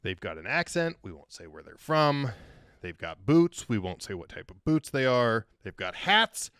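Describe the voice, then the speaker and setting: Man, podcast guest, casual storytelling, lively swinging pitch, swears a lot. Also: normal speed, clean tone, no room sound, clean studio sound. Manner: animated, profane, joking.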